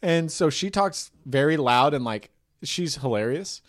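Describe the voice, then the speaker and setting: A young man in casual podcast chat, telling animated stories, swearing, laughing and putting on voices. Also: on the high side, measured pace.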